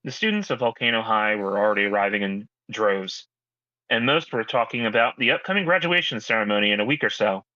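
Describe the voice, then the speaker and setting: A man reading a fan story aloud with steady narration and joking asides, as host. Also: fairly low pitch, brisk, no echo, muffled recording.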